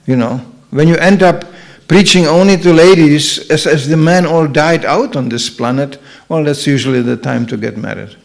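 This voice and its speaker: A man's voice: on the high side, normal speed, gravelly. An older man teaching as a spiritual lecturer, giving a humorous sermon and acting out the voices he quotes. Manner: jokey, acts out quoted voices.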